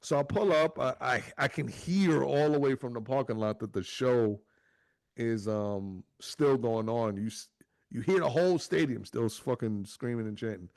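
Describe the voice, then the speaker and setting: A man's voice: mid-range voice, normal speed, a little mellow, no room sound, clean studio sound. A man hosting a podcast who tells a story in casual, profane speech and acts out the voices in it. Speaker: podcast host.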